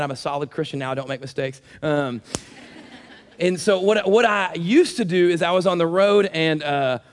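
A middle-aged man delivers a sermon full of humorous stories, acting out his own reactions along the way. His voice sits a little high for a man. The sound carries a long reverb from the hall he preaches in. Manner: humorous storytelling with acted asides. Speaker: pastor.

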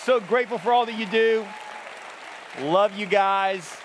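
A middle-aged man preaches a sermon in a lively, conversational way, trading jokes with his congregation. His voice sits high for a man. The sound rings with the long reverb of a large hall. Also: a little slow, crowd noise, background noise. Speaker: pastor.

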